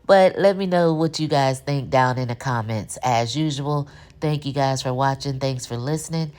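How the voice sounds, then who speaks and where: A woman's voice: a bass voice, moderate pace, a little mellow, smooth. A woman hosting a casual TV episode recap, chatty and opinionated, talking straight to her viewers. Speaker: TV recap host.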